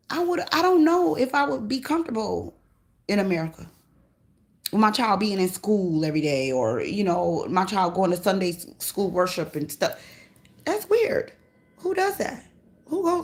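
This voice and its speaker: A woman's voice: medium pitch, creaky, a little mellow, slight background noise. Blunt, profane woman tarot reader. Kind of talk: casual spiritual reading monologue.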